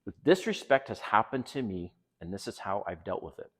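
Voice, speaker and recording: Deep-voiced middle-aged man giving blunt advice. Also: fairly quick. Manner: candid, animated. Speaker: dating advice channel host. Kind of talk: casual monologue.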